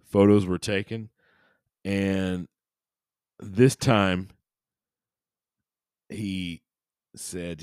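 A man's voice: sits low, fairly even intonation, very slow, pauses often, darkish tone, smooth, no room sound, clean studio sound. A man hosting a paranormal podcast, retelling a story with goofy, irreverent asides. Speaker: podcast host.

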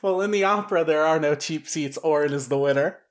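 A man co-hosting a casual podcast, dry and measured with mock-formal phrasing. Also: fairly high pitch, a little hiss or hum. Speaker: podcast co-host and judge. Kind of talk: casual chat.

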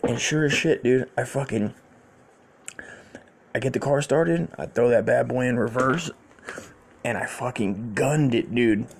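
A man with a gravelly, mid-pitched voice tells a personal story on his podcast. He rambles, swears freely and circles back over the same phrases. He often breaks into laughter as he talks. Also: measured pace, long pauses. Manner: profane, rambling, repeats himself, laughs often. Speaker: podcast host.

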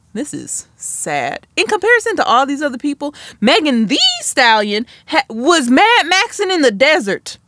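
A woman's voice: mid-range voice, a bit bright, no room sound, studio quality. A woman hosting a podcast, talking solo in a sassy, chatty way that drifts off on tangents. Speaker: podcast host. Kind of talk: casual solo commentary.

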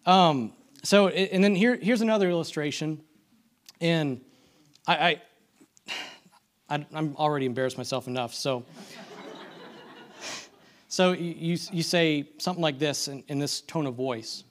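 A man's voice: fairly high pitch, unhurried, pauses often. A man giving a conversational sermon, full of restarts and self-deprecating asides, asking the congregation for amens. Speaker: church speaker.

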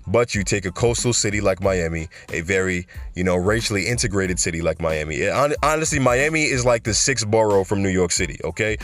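A man's voice: sits low, expressive, a little fast, hardly any pauses, fairly bright tone, soft background music. A man hosting a podcast in a casual monologue, chatty and joking, loose and profane, laughing at his own jokes. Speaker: podcast host.

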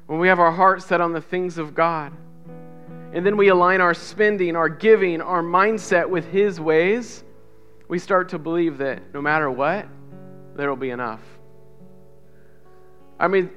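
A man preaching a sermon as pastor, swinging between loud emphatic repetition and soft hushed lines, and leading the congregation in call-and-response. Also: sits high, lo-fi sound. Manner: builds to loud emphatic repetition, drops to soft near-whispers.

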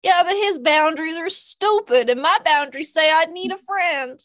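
Lady doing a high whiny southern kid imp, lonely little demon boy, dry close sound. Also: normal speed, a bit bright, dry recording. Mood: eager. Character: annoying young male imp demon, lonely.

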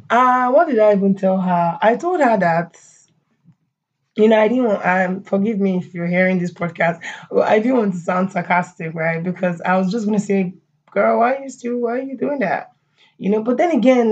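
A woman's voice: mid-range voice, a little mellow. Woman, podcast host, casual chat, frequent laughter, fillers and asides, muffled lo-fi recording. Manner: chatty, laughs often, many fillers and asides.

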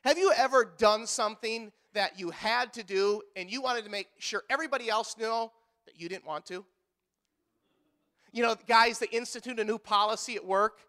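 A man pastor preaching a sermon in a church, animated and joking with the congregation, acting out quotes in other voices. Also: high voice.

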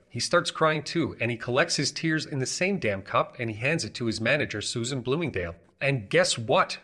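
A man's voice: medium pitch, fairly bright tone, voice pushed up. A man voicing a boastful, swaggering male guitar player who talks in brash slang and spins silly bragging tales.

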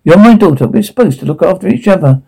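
A man's voice: sits high, animated, fast, gravelly, dark tone, husky, exaggerated voice, poor audio. A man voicing an unstable, menacing father who speaks in a coaxing, sinister way. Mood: coaxing menace.

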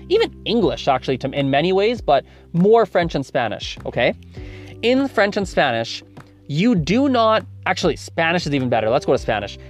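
A man hosting a language-learning podcast, explaining casually and correcting himself as he goes. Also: high voice. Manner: chatty, explains with self-corrections and examples. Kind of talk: casual spoken lesson.

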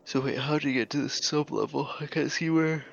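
A man's voice: on the high side, steady tone, a little fast, gravelly, no room sound, highs cut off. A man playing a tabletop game in casual chat, puzzled and asking many questions. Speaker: player.

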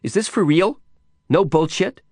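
A man's voice: on the high side, lively intonation, measured pace, darkish tone, no room sound, clean studio sound, voice pushed up. A man voicing a crude, impatient, foul-mouthed young woman in an audiobook, in a raised, brash, snarling voice. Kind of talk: audiobook character voice.

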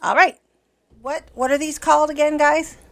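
Bubbly middle-aged woman with a gravelly voice. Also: high-pitched, fairly even intonation, moderate pace, a bit bright. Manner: bubbly and chatty, cheerful with children. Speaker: podcast host at an early childhood center. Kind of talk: casual podcast chat, talking with young children.

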